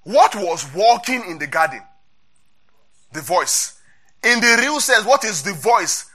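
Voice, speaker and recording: Bright, animated preacher quizzing his congregation. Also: high-pitched, measured pace. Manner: quizzes the congregation, repeats key questions. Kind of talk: interactive Bible teaching sermon.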